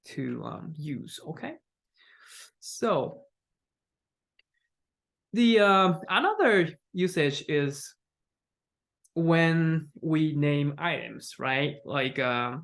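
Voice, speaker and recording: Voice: mid-range voice, very slow, creaky, pauses often. A young adult English teacher, Japanese as first language, explaining intonation with frequent "like" and "right?" fillers and modeled example phrases. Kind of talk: online lesson on intonation.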